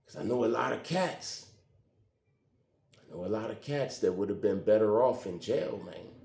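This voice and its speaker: A man's voice: fairly low pitch, normal speed, vocal fry. Man telling a story in a roomy space. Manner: animated, conversational, acts out quoted dialogue. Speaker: vlogger telling a personal story. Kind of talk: emotional storytelling monologue. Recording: roomy echo.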